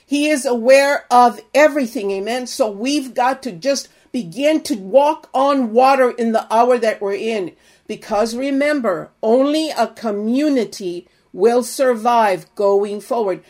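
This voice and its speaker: A woman's voice: fairly high pitch, unhurried, darkish tone. An older woman preaching, telling an earnest personal testimony and exhorting her listeners.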